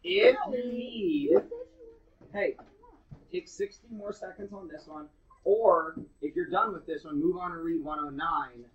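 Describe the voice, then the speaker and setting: A man's voice: on the high side, fairly even intonation, normal speed, a little hiss or hum. A man teaching a math class live in a classroom. He talks casually and bluntly, with jokes for his students. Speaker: middle school math teacher. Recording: dull lo-fi classroom recording.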